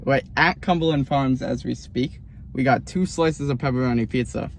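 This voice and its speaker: A man in the middle of an ordinary pitch range hosts a food review with upbeat, easygoing energy. He rambles loosely, with fillers, while tasting snacks at a store. A faint outdoor hum sits behind him. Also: moderate pace, gravelly. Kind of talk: casual food review chat. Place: at a convenience store, out in the sun.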